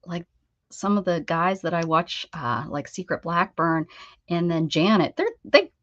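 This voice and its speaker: A woman's voice: lowish voice, animated, measured pace, a bit bright, dry recording. An American woman in middle age hosting a craft livestream, chatting casually with viewers in a rambling way, with restarts and laughs. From United States. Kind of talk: casual chat with live viewers. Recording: dull, dry lo-fi stream audio.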